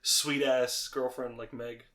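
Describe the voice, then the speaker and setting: A man's voice: mid-range voice, flat delivery, slow, fairly bright tone. Give me a joking man hosting a podcast. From Canada. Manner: jokey, laughs often, slips into goofy voices. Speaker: podcast host. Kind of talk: casual podcast banter.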